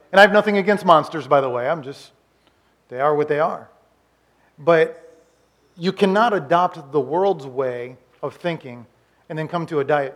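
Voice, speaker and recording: A male pastor preaching a sermon, swinging between loud urging and quiet confiding, with frequent restarts. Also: a little high.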